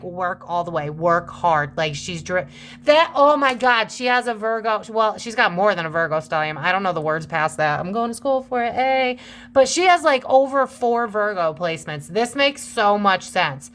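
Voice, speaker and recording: A woman's voice: mid-range voice, a bit bright, slight background noise. A young woman hosting a casual tarot reading, chatty and gossipy, calling her viewers besties. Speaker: tarot reader and channel host.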